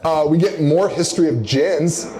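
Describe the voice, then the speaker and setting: At a live show in a bar or venue, a young man hosts a horror podcast, recapping a movie through rambling, casual banter full of laughter and acted-out quotes. His voice is fairly high and moderately paced, over a noisy background.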